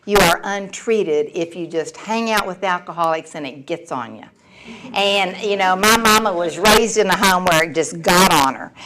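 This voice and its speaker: A woman's voice: on the low side, expressive, moderate pace, low-quality recording. A woman, giving a candid personal recovery share with a wry, storytelling manner. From Texas. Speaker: recovery meeting speaker.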